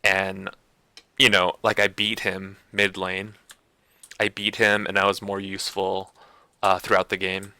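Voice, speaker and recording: Rambling through a casual stream, a male gamer keeps restarting his sentences and filling gaps with lots of "like" and "you know." He speaks low and a little slowly, in a completely flat, pushed, bright voice. No room sound comes through.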